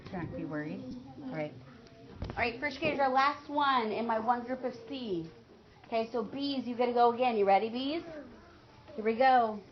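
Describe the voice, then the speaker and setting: A woman's voice: fairly high pitch, expressive, normal speed, highs cut off, a little hiss or hum. A woman teaching first graders in a classroom, patiently prompting them with questions and praise. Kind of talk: classroom lesson to young children. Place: elementary school classroom.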